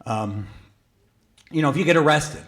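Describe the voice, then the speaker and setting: A middle-aged man telling a personal story on stage at a museum event, talking conversationally with frequent fillers and pitching his voice up sharply when quoting his own disbelief. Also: expressive, moderate pace, fairly bright tone. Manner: conversational, with many fillers and self-corrections. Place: museum event hall, on stage before an audience.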